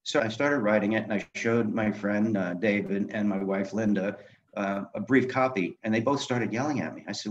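Older man, low voice, animated podcast storyteller; muffled lo-fi recording. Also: moderate pace, slight background noise. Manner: animated anecdotes, acting out quoted dialogue. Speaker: guest, author and film director. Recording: dull lo-fi sound.

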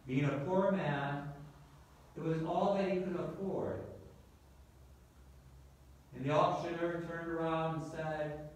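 A man, a priest, telling a story in a sermon with slow, measured delivery, recorded in a church from far off. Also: fairly high pitch, steady tone, very echoey.

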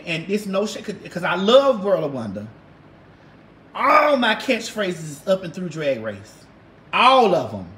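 A woman's voice: medium pitch, slight background noise. A woman hosting a casual livestream and chatting with viewers in a brash, sassy, drawling way, with lots of cussing. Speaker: livestream host. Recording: roomy echo.

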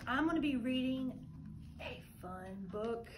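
Cheery librarian woman, slow and animated, in an echoey room. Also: fairly high pitch, noisy background. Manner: cheery, encouraging the children to join in. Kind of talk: reading a picture book to children. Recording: roomy echo.

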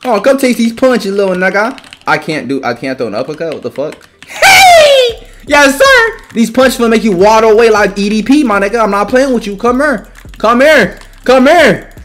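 Loud trash-talking young man gaming. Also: sing-song, fairly quick, loud music behind the voice. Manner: trash-talking, loud, swings from high yelling to low muttering. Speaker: gaming YouTuber. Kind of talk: gaming commentary.

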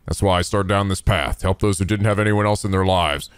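A man voicing a stoic, gruff male hero in a deep, solemn put-on voice. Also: fast, natural voice.

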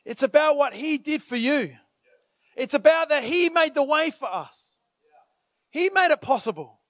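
Animated high-voiced male preacher. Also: no echo, clean studio sound. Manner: animated, acts out inner thoughts in quick asides; many filler phrases and restarts. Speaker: pastor. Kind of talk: sermon.

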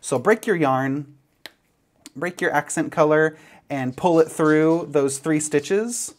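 A man's voice: on the high side, slow pace. A man giving a step-by-step knitting tutorial, chatty and playful as he demonstrates each move. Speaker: knitting instructor.

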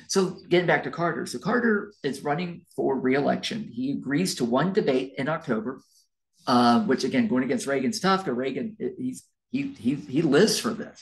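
A man's voice: mid-range voice, vocal fry, poor audio. A man, a college history lecturer, giving a recorded class lecture in a conversational, rambling way with fillers and restarts.

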